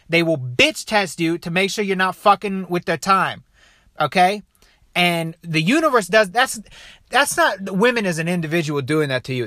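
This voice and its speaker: A man giving loose, profane commentary on a video clip, animated and peppering his talk with "dude" and "okay.". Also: high-pitched, dry recording, clean studio sound.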